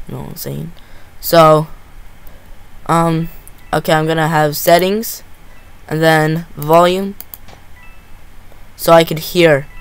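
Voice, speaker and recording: Male gaming host, unhurried delivery, jumpy and exclamation-heavy while playing. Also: fairly high pitch, clean tone. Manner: excitable, lots of gasps and repeated exclamations. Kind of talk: live gameplay commentary.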